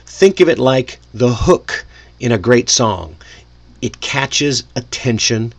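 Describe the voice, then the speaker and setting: Guy teaching english real slow, friendly coaching vibe, voice jumps up now and then. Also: mid-range voice, animated, creaky. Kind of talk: relaxed spoken English lesson.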